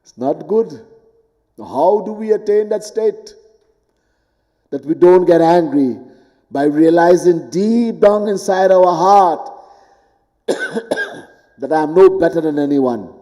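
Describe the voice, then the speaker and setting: A man giving a devotional lecture as a spiritual teacher in a temple hall. He speaks deliberately, swinging from high, emphatic lines to quiet ones and chanting Sanskrit verses. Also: lively intonation. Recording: long hall reverb.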